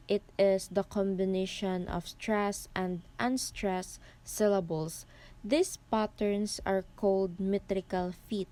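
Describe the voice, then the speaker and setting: A young woman giving a classroom report, slowly and carefully explaining poetry terms as she reads definitions aloud. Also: mid-range voice, warm tone, a little hiss or hum. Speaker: student presenter.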